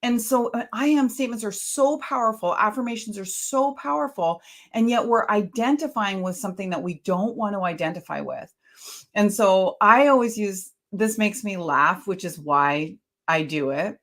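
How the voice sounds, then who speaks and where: A woman author, a guest on a conversational interview, telling stories in an animated way and laughing easily. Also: medium pitch, normal speed.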